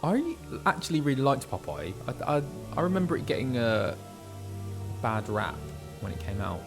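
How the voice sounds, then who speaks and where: Man, voice actor streaming gameplay, casual chatty delivery, lively pitch, gravelly texture. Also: normal speed, music in the background. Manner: chatty, animated, self-interrupting.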